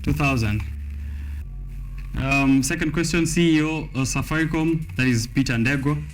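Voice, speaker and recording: A man's voice: fairly high pitch, fairly even intonation, moderate pace. A man with a Kenyan accent hosting a TV talk show, reading quiz questions in a playful, laughing way. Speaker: TV show host. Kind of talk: casual quiz chat. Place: TV studio.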